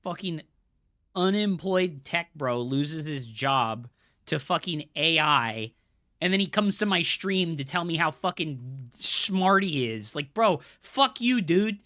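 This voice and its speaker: A male live game streamer and coach talking straight to his viewers. His voice is bright and pushed forward, and he rants at chat, heavy on swearing and scolding. The sound is dry, with almost no room around it. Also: sits high, dry recording. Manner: angry profane ranting at chat.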